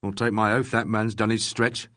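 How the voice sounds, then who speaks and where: A man reading an audiobook, voicing a steady, austere police sergeant with a plain-spoken manner. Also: fairly low pitch, normal speed, dry recording, studio quality, lightly acted. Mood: musing.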